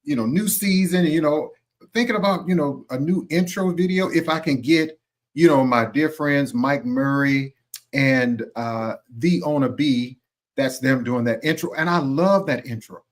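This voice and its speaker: A man's voice: on the high side, measured pace. A man hosting a radio talk show, chatting casually with loose "you know" fillers.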